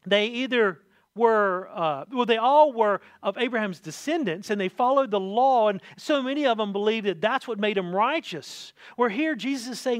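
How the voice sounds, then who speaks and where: A man preaching with a high, light voice, recorded dry and close with almost no room sound. He is animated, repeating words as he goes, dropping to quiet asides and rising to loud emphasis. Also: moderate pace, dry recording. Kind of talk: sermon.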